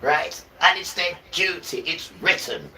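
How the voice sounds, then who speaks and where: A man's voice: high-pitched, unhurried, pushed and bright, far from the mic, a little hiss or hum, rough recording. A man livestreaming an impassioned spiritual talk, urging his viewers directly in a preachy, urgent way. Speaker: livestream host.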